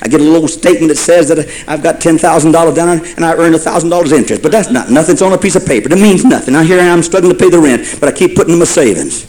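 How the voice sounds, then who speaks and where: A man's voice: fairly high pitch, very fast, hardly any pauses, darkish tone, low-quality recording. A man preaching a sermon in a folksy storytelling way, building to fervent repeated phrases.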